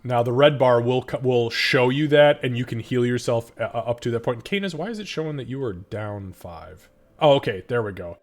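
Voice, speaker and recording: Dude running a tabletop game, super casual, swears, uh and um lots, faint music behind. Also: male voice, mid-range voice, animated, normal speed. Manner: casual, swears, many fillers. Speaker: game master.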